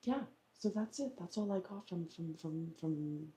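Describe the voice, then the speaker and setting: A woman's voice: lowish voice, expressive, a little slow, a crowd in the background. A woman vlogger chatting casually at home, rambling through a story with lots of fillers. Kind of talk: casual vlog chat.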